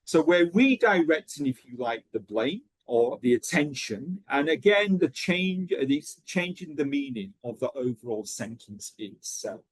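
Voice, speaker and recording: A man's voice: fairly high pitch, unhurried, few pauses, breathy edge, dry recording. A man leading an online teacher-training lesson, checking in often with "okay" as he explains. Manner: lively, checks in with frequent "okay".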